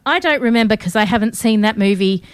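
A woman's voice: on the high side, animated, fast talker, clean tone, no room sound. A woman, co-hosting a show in casual, upbeat chat with many fillers. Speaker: radio co-host.

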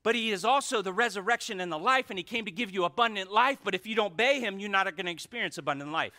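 A male pastor preaching a sermon to his church, fervent and shifting between shouts and hushed asides. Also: sits high, expressive, quick pace. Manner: fervent, swings from shouting to near whispers. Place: church sanctuary.

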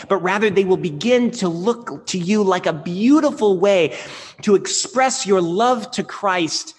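A man preaching a sermon as pastor, earnest and building to emphatic peaks. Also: high-pitched. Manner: earnest, swelling with emphasis on key phrases. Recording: long reverb of a large hall.

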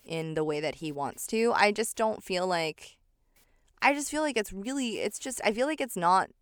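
A woman in casual conversation, chatty and animated, laughing often and leaning on fillers. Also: medium pitch, normal speed, smooth, no echo, clean studio sound. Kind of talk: casual chat reviewing a show.

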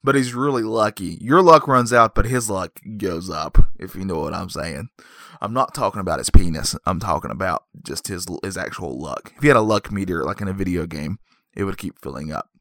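A man giving a rambling, jokey recap of a horror film as a movie reviewer, with deadpan asides. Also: sits low, brisk, no echo, clean studio sound.

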